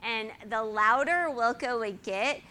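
A woman's voice: on the high side, unhurried, bright, forceful tone. A woman in her forties teaching the Bible to a group in a casual, chatty way, often asking 'right?' and laughing.

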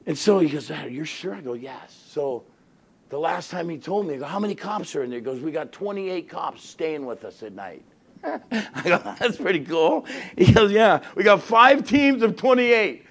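A middle-aged male pastor with a fairly high voice tells a story from the pulpit. He acts out the back-and-forth of phone calls. He laughs his way through the funny parts. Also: normal speed, slightly rough. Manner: animated, acts out both sides of conversations, laughs often. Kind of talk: storytelling sermon.

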